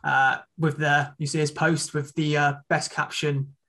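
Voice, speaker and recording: Man co-host, gravelly voice, rather high, rambling casual talk. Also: level tone, pushed and bright. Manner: drawn-out, rambling asides. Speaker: podcast co-host. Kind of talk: casual podcast chat.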